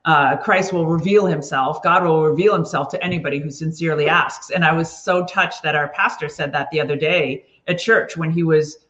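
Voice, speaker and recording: A woman guest speaking earnestly and in a measured way about her faith in casual conversation. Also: low-pitched, fairly bright tone, roomy sound, muffled recording. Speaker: podcast guest.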